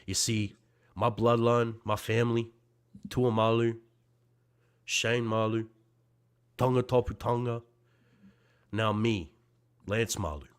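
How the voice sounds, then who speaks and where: A man talking as a wrestler guest in fiery promo style, profane and intense, swinging between shouting and quiet, heartfelt passages. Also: medium pitch, steady tone, slow, pauses often, smooth.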